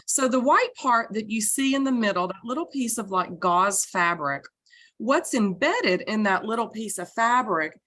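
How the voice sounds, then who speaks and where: Woman, video call presenter; clear, step-by-step explainer showing an item. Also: medium pitch, a bit bright. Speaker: product presenter. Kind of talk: casual product explanation.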